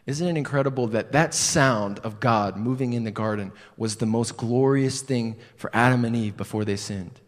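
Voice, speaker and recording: A man's voice: mid-range voice, moderate pace, hardly any pauses. A man preaching a sermon in a church building, telling a personal story in a conversational, self-deprecating way, with rhetorical questions and hesitant restarts. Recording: long hall reverb.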